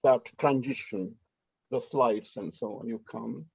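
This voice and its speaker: A man's voice: mid-range voice, a little slow, gravelly, a little mellow, husky, lo-fi sound. A man organizing a festival rehearsal, talking casually and rambling, often asking "you know what I mean", over a video call.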